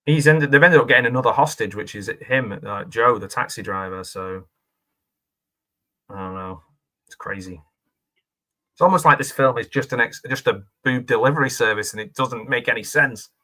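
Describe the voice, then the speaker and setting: A man talks through a film in a loose, rambling reaction commentary, often laughing and questioning himself. His voice sits at a middling pitch with a bright, forceful edge. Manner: chatty and rambling, with frequent laughs and self-questioning asides.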